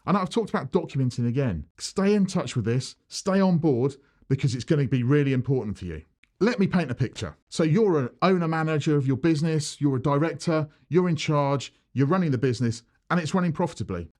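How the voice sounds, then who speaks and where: Male accountant, animated talking-head advice, bouncy pitch, plays out mini dialogues. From United Kingdom. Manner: animated, acts out little dialogues with changing voices. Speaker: accountant giving business advice. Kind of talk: direct-to-camera advice video.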